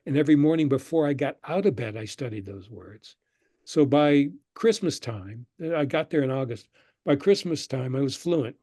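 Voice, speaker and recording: An older man, a guest on an interview show, telling relaxed stories about his past and acting out the people he quotes. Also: medium pitch, normal speed, dry recording, studio quality. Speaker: guest, screenwriter and professor. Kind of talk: conversational interview storytelling.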